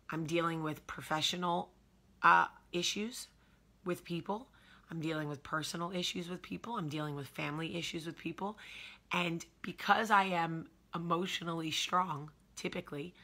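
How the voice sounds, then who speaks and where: A woman's voice: lowish voice, pushed and bright. A woman in her thirties with a New Jersey accent, hosting a candid personal vlog in an emotional, confessional way. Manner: emotional, confessional, emphatic repetition. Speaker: show host.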